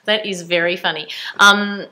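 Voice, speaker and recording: A middle-aged woman chatting casually to camera at home as a vlog host, bubbly and quick to giggle. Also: lowish voice, steady tone, pushed and bright, poor audio. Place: home living room by an open fire.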